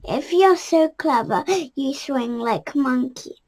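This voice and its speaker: Cross bouncy kangaroo from a storybook, high voice, read by a woman. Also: takes it slowly, a little mellow, exaggerated voice.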